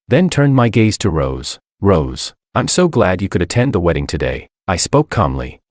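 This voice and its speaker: A man narrating a first-person romance story in a steady storytelling manner. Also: sits low, dry recording, clean studio sound.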